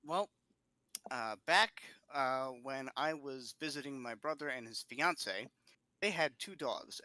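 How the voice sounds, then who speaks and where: A man on a podcast, telling a funny story in a lively way and laughing often. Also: medium pitch, no room sound. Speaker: podcast co-host. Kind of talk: casual storytelling chat.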